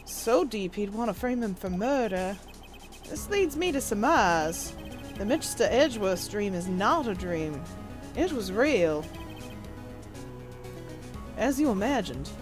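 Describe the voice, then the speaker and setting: Woman playing a grave, pompous older gentleman lawyer; measured and deliberate, game read-along. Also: mid-range voice, sing-song, music in the background, pitched below the performer's own voice. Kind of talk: reading game dialogue aloud.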